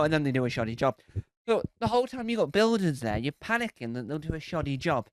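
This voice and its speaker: A man doing a stand-up routine, animated and acting out scenes with sung riffs. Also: on the high side, quick pace, no echo. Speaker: stand-up comedian.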